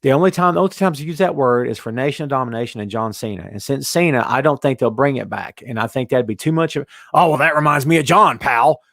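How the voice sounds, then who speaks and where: A man hosting a casual wrestling talk show, animated and chatty, reading out listener comments. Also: mid-range voice, quick pace, vocal fry, hardly any pauses, no echo, studio quality. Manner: animated, reads out chat comments. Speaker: podcast host.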